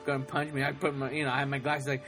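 A man chatting casually as a podcast co-host, rambling and excitable, laughing often. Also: mid-range voice, very fast, over music. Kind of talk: casual chat.

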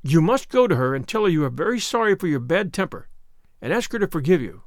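A stern spinster from a storybook, as voiced by a man, scolding in crisp, reproving tones. The voice sits fairly high and lively, close to the mic in a dry room. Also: fast talker, no echo. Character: stern, dry middle-aged spinster woman.

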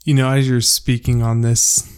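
A man's voice: medium pitch, flat delivery, moderate pace, a little mellow, clean tone. A man co-hosting a podcast who talks loosely, jokes around and swears casually. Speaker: podcast co-host.

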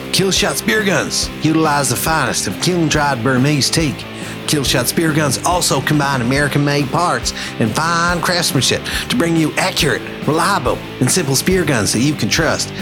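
A man's voice: fairly high pitch, animated, moderate pace. Man reading an ad in a silly put-on accent, guitar music behind. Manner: self-mocking put-on accent. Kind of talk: read advertisement.

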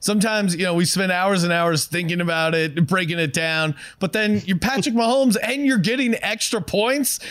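A man hosting a sports betting show in casual, relaxed banter. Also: high voice, moderate pace, few pauses, no echo. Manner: laughs often, relaxed banter.

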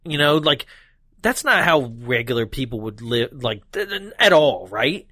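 Animated laughing podcast guy. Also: mid-range voice, measured pace, breathy edge, no room sound, clean studio sound. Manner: animated, laughing, acts out scenes. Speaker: podcast co-host. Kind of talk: casual chat reviewing a horror movie.

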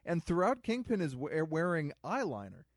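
A man's voice: on the high side, huge pitch swings, normal speed, no room sound. Joking man on a dry podcast mic. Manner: joking storyteller, slips into silly voices. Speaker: podcast co-host. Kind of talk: casual film-commentary chat.

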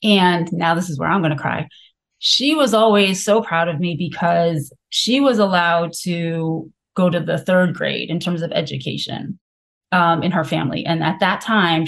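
A woman physician, a podcast guest, telling her own story candidly and frankly, with many filler words. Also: lowish voice. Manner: frank, confessional, heavy use of filler words.

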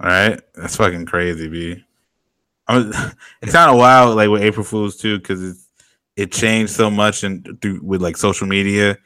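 Young man, podcast co-host, slangy casual chat, bright voice, dry close mic, low mumbles. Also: normal speed, clean tone, dry recording. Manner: laid-back, slangy, often drops to a low mumble.

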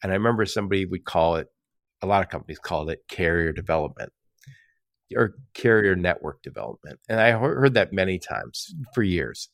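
A man's voice: deep voice, animated, a little fast, gravelly, no room sound, clean studio sound. A man hosting a casual podcast conversation, telling stories and acting out quoted exchanges with frequent laughs. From Michigan. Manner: chatty storyteller, acts out quoted exchanges, laughs often. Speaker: podcast host.

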